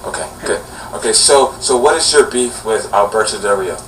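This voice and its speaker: A man's voice: lowish voice, moderate pace, fairly bright tone. A man in his twenties hosting a casual vlog, chatty and rambling with many fillers. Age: 20s. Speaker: vlogger host. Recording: distant camera mic with faint hum.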